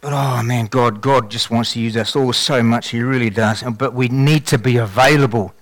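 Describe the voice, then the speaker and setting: A man shares a testimony from the pulpit, telling his story with animated energy and many restarts. His voice sits in a middle pitch, and the sound is dry and close. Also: moderate pace, no echo. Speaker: lay preacher giving testimony. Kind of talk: sermon testimony.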